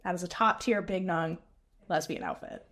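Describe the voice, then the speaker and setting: A woman co-hosting a casual recap podcast, animated and laughing often as she acts out characters' lines. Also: on the low side, normal speed. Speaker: podcast co-host.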